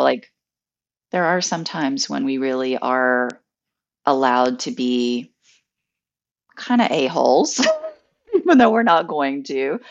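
A woman with a very deep voice and lots of vocal fry speaks in a relaxed, measured way. She sounds like a coach in a casual podcast conversation. The audio is dull and lo-fi, as if from a remote call.

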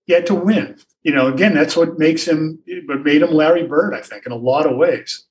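An older man, a sportswriter, spins long anecdotes, wandering and restarting as he goes. His voice sits slightly high for a man and sounds a little distant from the microphone. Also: a little fast. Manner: rambling, many restarts and asides. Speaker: sportswriter guest. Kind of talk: anecdotal storytelling in a podcast interview.

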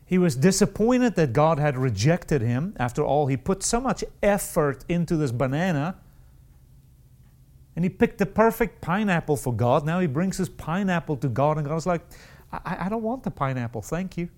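A man preaching a sermon, with repeated words and restarted phrases, and sudden rises in pitch. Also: expressive, normal speed, darkish tone.

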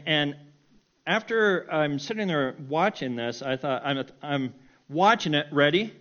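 A middle-aged man telling a personal story in a sermon, animated and self-mocking, often breaking into laughter. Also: mid-range voice, muffled recording. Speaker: preacher.

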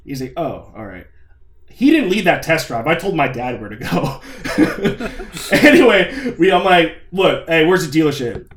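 A man's voice: fairly high pitch, unhurried. A young man telling a story in a casual, profane way, acting out his own lines and quoting others. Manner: animated, profane, acts out quotes. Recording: echoey room.

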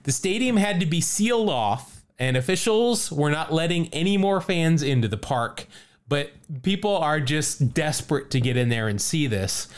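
A man hosting a podcast, telling a story in casual chat, animated and laughing often as he reads out quotes. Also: on the high side, moderate pace, smooth. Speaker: podcast host.

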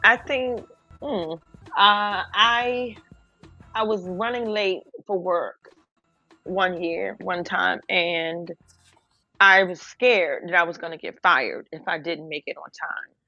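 A woman's voice: fairly low pitch, bright, forceful tone, dull audio, faint music behind. Woman in casual podcast chat. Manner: halting, with many restarts and fillers while telling a story. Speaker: podcast co-host.

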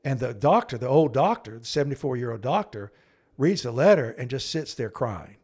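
A middle-aged man tells a story from his counseling work in an earnest, halting way. He restarts his sentences often, and his voice sits at an ordinary middle pitch. When he quotes someone, he sinks into a low, hushed tone. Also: very animated, husky. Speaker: podcast co-host and counselor. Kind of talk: conversational storytelling.

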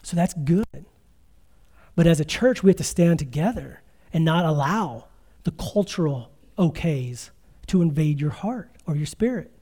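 Conversational pastor, man, mellow tone. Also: fairly high pitch, expressive, measured pace. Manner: conversational, storytelling preaching with quoted asides. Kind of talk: sermon.

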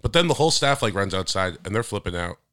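A young man co-hosting a podcast, telling stories in a casual, animated way that gets loud and high when he is worked up. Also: quick pace, no room sound. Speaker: podcast co-host. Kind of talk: casual chat.

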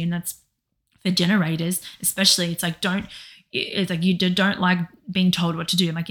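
A woman's voice: lowish voice, flat delivery, brisk, a bit bright. A woman co-hosting a podcast, talking in a rambling, emotional way, with many restarts and some swearing. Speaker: podcast co-host. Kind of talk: casual chat.

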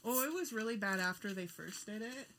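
Giggly bright-voiced woman. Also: medium pitch, brisk, slight background noise. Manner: giggly, laughs often. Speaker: podcast co-host. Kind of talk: casual comedic chat.

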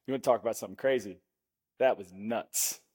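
A man's voice: on the low side, brisk, music in the background. A man in his forties, a guest on a podcast, telling rambling, self-mocking anecdotes in a casual way. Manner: rambling anecdotes, restarts, laughs at himself. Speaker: podcast guest, former NFL lineman. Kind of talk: casual storytelling in an interview.

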